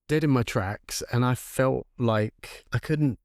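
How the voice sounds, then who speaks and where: A young man speaks slowly in a medium-pitched voice, no echo, studio quality. Co-hosting a podcast, he shares a casual story with lots of swearing, animatedly acting out how each person in it sounded.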